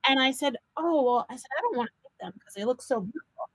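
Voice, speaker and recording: A chatty woman hosts a live crafting demo and talks viewers through each step. Her voice sits a little high. The sound is dry and close, with little room around it. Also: quick pace, slightly rough, dry recording, rough recording. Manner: chatty, animated storyteller. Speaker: card-making demo host.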